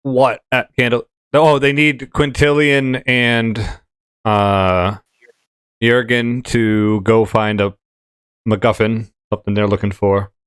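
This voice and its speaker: A man's voice: medium pitch, flat delivery, slow, fairly bright tone, clean tone, no echo. A man hosting a casual tabletop gaming podcast, rambling with many fillers and restarts. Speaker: podcast host. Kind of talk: casual chat.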